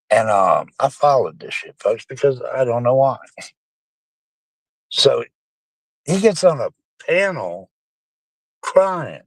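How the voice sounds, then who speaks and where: A man's voice: mid-range voice, no echo. A middle-aged man, rambling casually and profanely to his live-stream chat, calling them folks.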